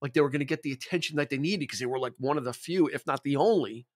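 A man's voice: medium pitch, fast. A man co-hosting a music podcast in casual chat, talkative and enthusiastic, often restarting his sentences. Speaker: podcast co-host.

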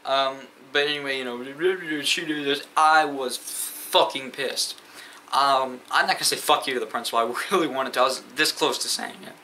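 A teenage boy, a sophomore in high school, telling school stories in a rambling, profane way with many fillers. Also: moderate pace, sharp tone, slight background noise, poor audio. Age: teens. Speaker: vlogger. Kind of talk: casual storytime rant.

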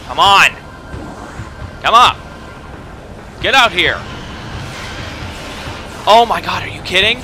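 A young man commentating his own video game run, swinging between frustrated shouting and swearing and calm explanations of tactics. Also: high-pitched, slow, long pauses, slight background noise. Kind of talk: let's play commentary.

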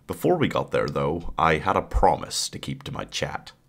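A man with a husky voice giving wry, scripted voice-over narration of his game journey. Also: rumbling low, very animated, normal speed, a bit bright.

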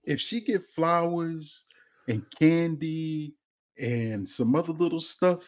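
A man co-hosting a casual podcast, telling blunt, laughing stories in relaxed slang. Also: on the high side, slow. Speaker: podcast co-host.

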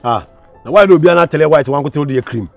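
A man's voice: fairly high pitch, animated, fast, gravelly, faint music behind. Bossy Ghanaian man barking orders. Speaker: senior student bullying juniors. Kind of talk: comedy skit acting.

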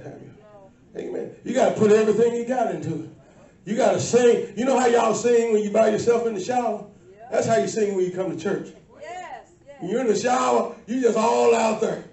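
A woman preaching a sermon to a congregation, shifting between low asides and loud shouting. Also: brisk, far from the mic. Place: church sanctuary. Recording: echoey church, mic from afar. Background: faint congregation.

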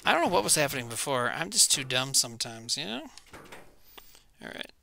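A man's voice: mid-range voice, big pitch swings, brisk, gravelly, sharp tone, a little hiss or hum. A man streaming a video game, rambling to his chat in a self-mocking way while he plays. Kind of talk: casual gaming stream chat.

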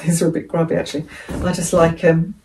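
Chatty English woman, lower voice. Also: completely flat delivery, quick pace, a little mellow, slight background noise. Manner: chatty, rambling, self-correcting. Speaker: vlogger. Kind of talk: casual haul vlog.

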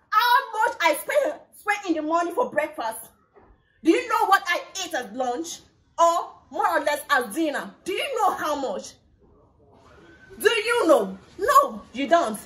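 An actress with a Nigerian accent playing a quick-tempered, proud young woman who mocks and shouts with contempt. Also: extremely high pitch, big pitch swings, heavily acted. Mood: mocking. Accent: Nigerian English. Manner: contemptuous, mocking, shouting at times. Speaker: actress in a film scene. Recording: film scene with loud background music.

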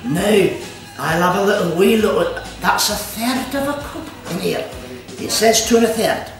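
This cooking show host, a man with a Scottish accent, speaks in a high, animated voice at normal speed as he runs an informal demonstration in an activity centre's kitchen. He's chatty, peppering his lines with "aye" and "all right," while music plays behind him, the mic is distant, and the space is echoey.

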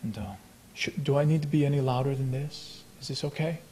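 A man giving a poetry reading at a live event, talking in a halting, reflective way with many fillers and restarts, then reciting his verse in a slow, measured voice. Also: medium pitch, darkish tone, a little hiss or hum. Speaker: poet. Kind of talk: poetry reading with spoken introduction. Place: lecture hall at a live event.

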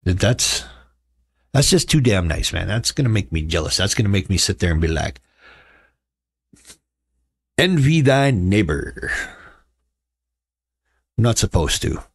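A man's voice: deep voice, lively intonation, a little fast, gravelly, husky, no echo, studio quality. A middle-aged man hosting a casual livestream, chatting with viewers in a sarcastic, joking way and telling stories. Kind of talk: casual chat.

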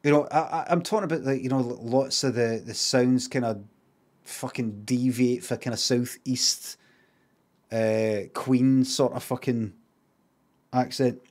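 A middle-aged Glaswegian man in casual live-stream chat, talking at an unhurried pace in a mid-range voice. He gets animated and emphatic, swearing freely as he repeats words to make a point. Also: medium pitch.

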